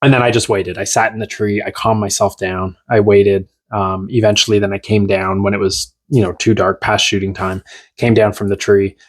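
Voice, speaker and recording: Low-voiced man telling a hunting story. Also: moderate pace. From Newfoundland. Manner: animated, rambling retelling with many restarts. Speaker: podcast guest. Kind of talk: casual storytelling.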